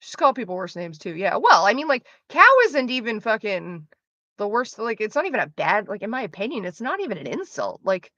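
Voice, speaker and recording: Bright-voiced, foul-mouthed woman streamer ranting. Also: mid-range voice, very animated, fairly quick, dry recording, lo-fi sound. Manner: profane, ranting, sarcastic. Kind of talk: casual chat.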